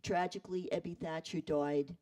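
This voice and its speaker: A man retelling a story in an animated way, acting out the quoted voices. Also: fairly high pitch, normal speed, far from the mic, low-quality recording. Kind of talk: storytelling talk.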